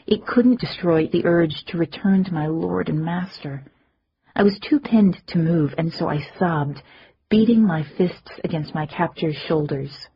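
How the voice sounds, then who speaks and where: A woman narrating a fantasy audiobook in a measured, dramatic first-person reading. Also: lowish voice, highs cut off, a little hiss or hum.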